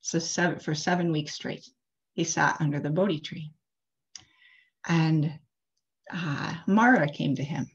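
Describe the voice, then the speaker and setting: Low-voiced woman, chatty sermon storytelling. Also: measured pace, long pauses. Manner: casual, chatty, many "like" and "uh" fillers. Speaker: interfaith leader. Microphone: video call. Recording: dull lo-fi video call audio.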